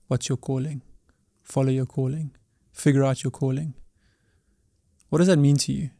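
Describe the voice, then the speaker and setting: A man's voice: medium pitch, little pitch movement, normal speed, warm tone, dry recording, studio quality. A man hosting an interview, asking thoughtful, probing questions. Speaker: interviewer host.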